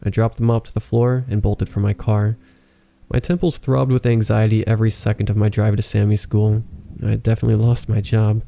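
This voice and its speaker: Gravelly, very dark-voiced male storyteller. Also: fairly low pitch, level tone, fairly quick. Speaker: horror story narrator. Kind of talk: scripted narration of a horror story. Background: faint rain ambience.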